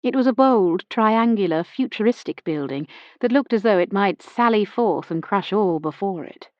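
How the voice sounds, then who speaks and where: A woman's voice: mid-range voice, lively intonation, moderate pace, no room sound, dull audio. Woman narrating a mystery audiobook. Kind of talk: first-person audiobook narration of a period mystery.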